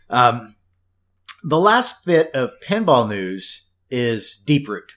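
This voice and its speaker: A man's voice: mid-range voice, very animated, slow, fairly bright tone. A man co-hosting a casual podcast, talking in a rambling way with wry asides and frequent restarts. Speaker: podcast co-host.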